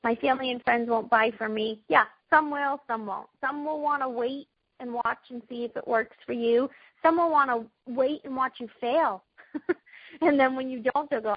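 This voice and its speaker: Woman, Boston accent, husky, fast upbeat pitch host, dull lo-fi recording. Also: dry recording. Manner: fast, upbeat, chatty with small laughs. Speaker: team leader hosting a business call. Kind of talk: recorded sales pitch call.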